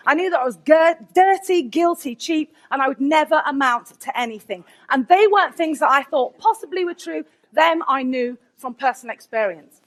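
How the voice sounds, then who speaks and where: A woman, a teacher giving a candid, lively conference keynote with asides to the audience. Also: sits high. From England, Nottingham.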